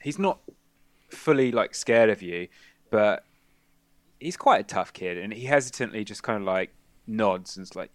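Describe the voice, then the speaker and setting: A man's voice: lowish voice, measured pace, long pauses, dry recording. A man narrating a tabletop role-playing game as game master, telling the scene with laughs. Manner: laughing, animated storytelling.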